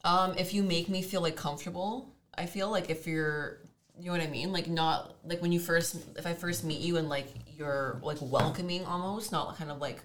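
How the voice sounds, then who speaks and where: A young woman from Canada in casual chat, talking in halting phrases full of "like". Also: lowish voice, fairly even intonation, slight background noise. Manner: hesitant, halting phrasing with many "like"s.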